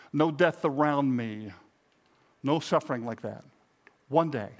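A middle-aged man, a pastor, preaching a sermon in a conversational, self-deprecating way with touches of humor. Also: fairly high pitch.

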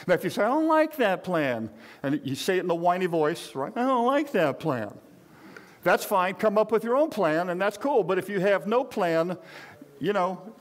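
Older male pastor, high voice, rambling folksy sermon style. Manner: conversational, rambling with frequent restarts and asides.

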